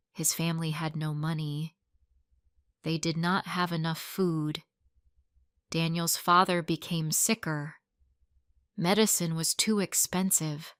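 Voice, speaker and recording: A woman's voice: low-pitched, fairly bright tone, no echo, clean studio sound. A woman reading a simple love story aloud as narrator for English learners. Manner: slow, clear, simple storytelling.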